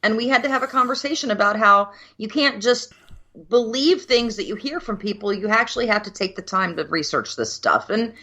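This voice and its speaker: Here the fifty-something co-host from Minneapolis, USA, speaks fairly quickly in a mid-range voice. Chatting casually over cocktails on her podcast, she tells stories in a frank, lively way and swears freely.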